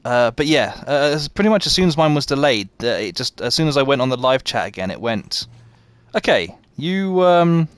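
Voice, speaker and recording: A man's voice: medium pitch, animated, fast, few pauses, fairly bright tone, smooth, dry recording. A man livestreaming a game, chatting with his viewers and laughing at himself. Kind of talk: live gameplay chat.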